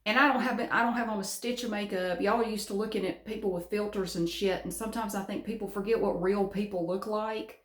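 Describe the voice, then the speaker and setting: A middle-aged woman with a Southern US drawl rambles frankly to her camera, dropping casual swear words. Her voice sits at an ordinary pitch. The room around her rings with noticeable echo. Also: fairly even intonation, a little fast, few pauses. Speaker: vlogger. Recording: roomy echo.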